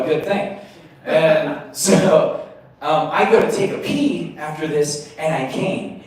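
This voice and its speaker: A young man telling a self-mocking stand-up story at an open mic, jumping into high put-on voices for the people in it. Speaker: stand-up comedian. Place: small comedy venue. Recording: echoey room mic from a distance.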